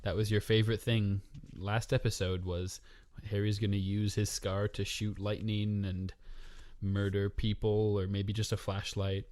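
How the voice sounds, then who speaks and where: A man's voice: on the low side, level tone, a little slow, darkish tone, no room sound. A man co-hosting a casual podcast book discussion, teasing his partner with dry humor and steering the talk with questions. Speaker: podcast co-host.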